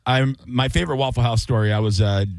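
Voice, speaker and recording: A man co-hosting a radio aftershow, telling stories in a casual, animated way. His mid-range voice acts out the people he quotes. The mic sound is close and dry, with no room around it. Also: medium pitch, fast, creaky, dry recording. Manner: animated storyteller acting out quotes. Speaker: radio show co-host. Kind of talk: casual radio chat, storytelling.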